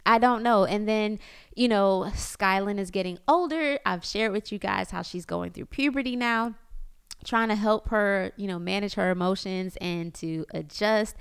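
A woman in her thirties talking casually to her viewers about parenting, animated and chatty, often slipping into voices of her family. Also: mid-range voice, moderate pace, creaky, clear, resonant tone. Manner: chatty and animated, mimics family members, lots of "like". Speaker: parenting vlogger. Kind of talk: casual confessional chat.

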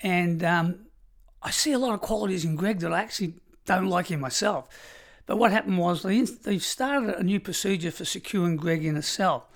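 Australian man, middle-aged, former prison officer, emphatic measured storytelling, interview guest. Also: high-pitched, vocal fry.

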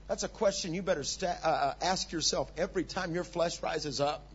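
Husky-voiced man preaching with big swings. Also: fairly quick, few pauses, highs cut off. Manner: animated preaching, swings from low asides to loud urgent peaks. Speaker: pastor. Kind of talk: sermon.

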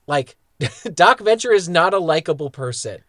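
A man co-hosting a casual podcast, his voice sitting a little high. He talks in animated bursts, laughs often and swears easily. The sound is dry and close. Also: moderate pace, no room sound. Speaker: podcast co-host. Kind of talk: casual chat.

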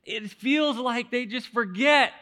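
A male pastor preaching a sermon in an animated storytelling manner, often restarting his words. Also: extremely high pitch, slow.

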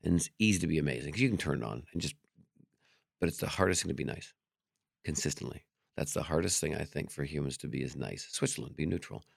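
A deep, gravelly male voice that rushes through anecdotes at a quick clip. He is a comedian and magician chatting candidly as an interview guest, swearing freely and putting on the voices of the people in his stories. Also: no room sound, studio quality. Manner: animated storyteller who acts out quoted dialogue. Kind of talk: casual interview talk.

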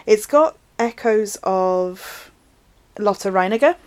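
A woman, co-hosting a casual film discussion, animated and chatty with quick asides. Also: medium pitch, clear, resonant tone. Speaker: podcast co-host.

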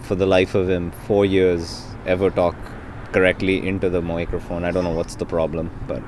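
A man's voice: deep voice, level tone, moderate pace, noisy background. A man co-hosting a casual chat among friends, joking around and laughing often. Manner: jokey, laughs often, riffs on accents. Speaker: podcast co-host. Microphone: built-in laptop mic.

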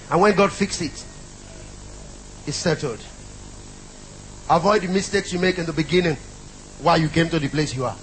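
A man's voice: high-pitched, fairly bright tone, a little hiss or hum, rough recording. A middle-aged man preaching a sermon, emphatic and repetitive, calling out to the congregation.

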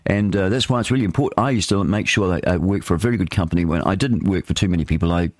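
Low-voiced rambling New radio host. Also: male voice, very fast, darkish tone, no echo, clean studio sound. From New Zealand. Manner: rambling, chatty, self-deprecating. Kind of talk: casual breakfast radio chat.

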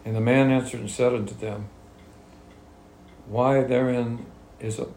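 A man's voice: medium pitch, steady tone, unhurried, dark tone, slight background noise. A man leading a Bible study, reading verses aloud and explaining them in plain, conversational talk. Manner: reads scripture then explains it in plain talk. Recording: echoey room with faint ambience.

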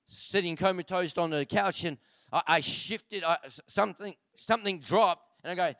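A man preaching in church with a smooth, resonant voice set a little above the usual male range. He hammers key phrases twice and challenges his listeners with direct questions. The sound is close and dry, with hardly any room around it. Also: sits high, normal speed, a bit bright, no room sound. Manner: emphatic preaching, repeats key phrases for stress; rhetorical questions with calls to the congregation. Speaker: pastor. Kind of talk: sermon.

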